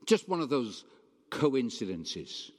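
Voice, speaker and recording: Conversational preacher in a reverberant hall. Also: male voice, medium pitch, very animated, slow pace. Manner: conversational, emphatic, asks the congregation questions. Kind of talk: sermon.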